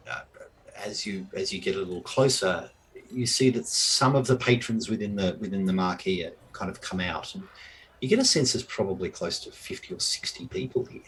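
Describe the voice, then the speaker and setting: Deep-voiced man narrating a game. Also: fairly bright tone, breathy edge, low-quality recording. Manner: halting, many restarts and fillers. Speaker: game master. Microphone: online call mic.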